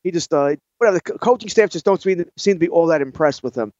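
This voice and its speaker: A man talks fast in a somewhat high voice, weighing each option out loud with hedges and restarts. The sound is dry and close, with faint music underneath. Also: expressive, dry recording, highs cut off. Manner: thinking aloud, hedging, restarts. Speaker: fantasy football co-host. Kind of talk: casual sports chat.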